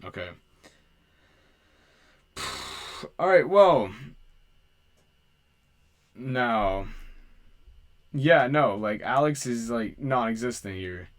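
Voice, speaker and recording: A man hosts a casual livestream in a mid-range voice. He talks slowly and haltingly, with restarts and trailing words as he works through audio trouble. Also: medium pitch, animated. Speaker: livestream host.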